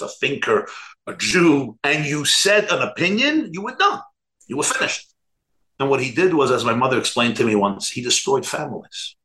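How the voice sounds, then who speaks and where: A man's voice: mid-range voice, fairly bright tone, rough recording. A man, a rabbi, giving an earnest storytelling talk that retells anecdotes.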